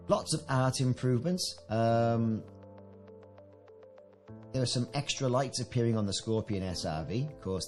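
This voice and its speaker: A British man with a fairly low voice talks through a game update in a relaxed, chatty way. He drops enthusiastic little comments between the notes he reads out, and soft music plays quietly in the background. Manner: chatty, enthusiastic asides while reading patch notes. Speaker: gaming video creator.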